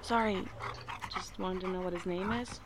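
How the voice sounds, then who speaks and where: A woman's voice: lowish voice, steady tone, normal speed, heavy background noise, lightly acted. A woman playing a polite, hesitant stranger who keeps apologizing.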